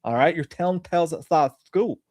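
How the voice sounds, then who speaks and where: A man's voice: on the high side, fairly quick, a little mellow, no room sound, clean studio sound. A man in his thirties co-hosting a casual live-stream chat show, rambling through stories and swearing freely. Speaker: podcast co-host.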